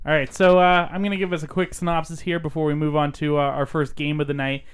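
A man hosting a casual podcast, relaxed, reading aloud and stumbling over names. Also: a little high, fast talker, clean tone. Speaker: podcast host. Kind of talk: casual chat.

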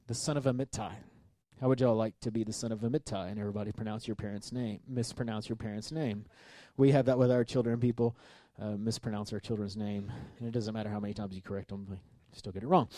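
A man preaching a sermon as pastor, reading scripture and commenting with animated asides. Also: mid-range voice, fast talker, no echo. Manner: animated, acts out the sailors' voices.

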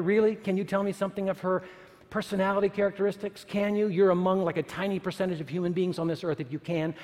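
A man with a high, ringing voice speaks in a sermon-like way. He asks the listeners rhetorical questions and repeats lines for emphasis. A long reverb trails his voice through the large hall. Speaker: speaker at a church or university gathering. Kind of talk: sermon-like talk.

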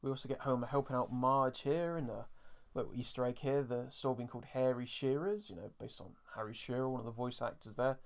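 A man's voice: mid-range voice, brisk. A man co-hosting a podcast, chatting casually with lots of fillers about an episode. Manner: chatty, many fillers, acts out quoted lines. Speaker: podcast co-host. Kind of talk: casual episode review chat.

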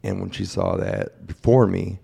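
A young man talks plainly and candidly in a casual interview. His voice sits very low, with a heavy gravelly fry and a dark, husky edge. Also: wildly swooping pitch, unhurried. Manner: candid, plain-spoken, quotes others in his retelling. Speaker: guest sharing his cancer story.

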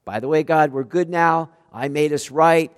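A man preaching a sermon as pastor, animated, swinging between loud emphatic outbursts and quiet, low-voiced asides. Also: moderate pace, clear, resonant tone, big-room sound.

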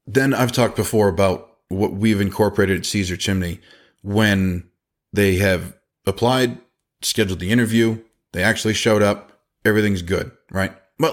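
A man in his forties talks through a casual podcast monologue with a lower voice. He tells stories in an animated way and drops quick asides as he gives his business advice. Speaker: podcast host and business owner.

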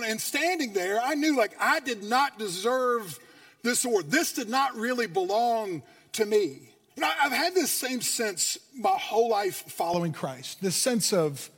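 A man's voice: sits high, expressive, measured pace, fairly bright tone, breathy edge. A man from Indiana preaching a sermon, telling a personal story and building to earnest emphasis. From Indiana, USA. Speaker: pastor. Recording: hall reverb.

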